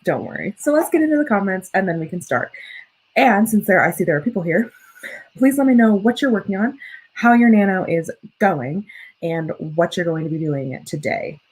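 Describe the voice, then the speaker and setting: A woman's voice: mid-range voice, expressive, normal speed, a little mellow, breathy edge, low-quality recording. A young woman hosting a casual livestream, chatting with viewers and reading their comments in a rambling, self-correcting way. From United States. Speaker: livestream host and student writer.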